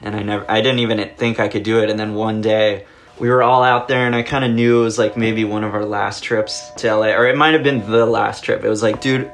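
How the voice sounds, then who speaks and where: A man's voice: on the low side, little pitch movement, fairly quick, a bit bright, soft background music. A young man telling a long story in casual chat, rambling with lots of filler words and cursing. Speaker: podcast guest.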